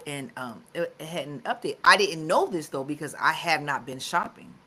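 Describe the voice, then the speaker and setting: A woman's voice: low voice, expressive, moderate pace, sharp tone, husky. A woman co-hosting a live talk show, chatting casually with lots of fillers and restarts. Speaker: co-host.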